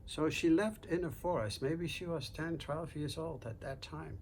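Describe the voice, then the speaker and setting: A man hosting a storytelling show, telling a folk tale in an unhurried, conversational way. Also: on the high side, expressive, a little hiss or hum. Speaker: storyteller host.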